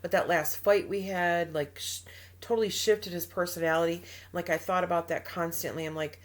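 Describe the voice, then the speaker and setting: A woman with a slightly low voice co-hosts a casual advice podcast. She talks emphatically, trails off often, and acts out quotes in her stories. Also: fairly even intonation, normal speed. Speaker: podcast co-host.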